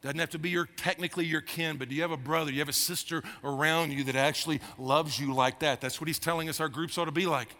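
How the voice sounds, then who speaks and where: A man in his fifties preaching a sermon as pastor, emphatic and given to repeating his phrases, growing animated as he goes. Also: fairly high pitch, fast talker, hardly any pauses. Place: church sanctuary. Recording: long reverb of a large hall.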